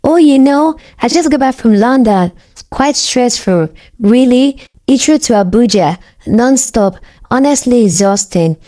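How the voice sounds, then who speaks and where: A man's voice: high-pitched, moderate pace, few pauses, mellow, natural voice. Woman doing a boastful young con man. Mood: posh. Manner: boastful, smooth and confident. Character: smooth-talking young man faking a rich life.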